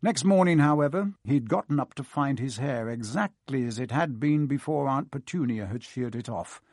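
A man reading an audiobook with lively, expressive narration. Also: medium pitch, normal speed, no echo, clean studio sound.

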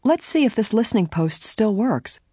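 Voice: mid-range voice, sing-song, normal speed, warm tone, breathy edge, dry recording, clean studio sound, pitched above the performer's own voice. A reader voicing a determined young woman amateur detective, earnest and urgent, in an audiobook. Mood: eager.

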